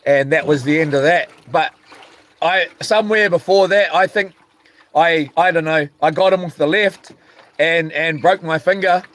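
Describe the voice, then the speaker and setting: A man's voice: on the high side, normal speed. A middle-aged man, telling a rambling story in a casual vlog and acting out the voices and sound effects. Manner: rambling, animated, acts out quotes and sound effects. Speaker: vlogger.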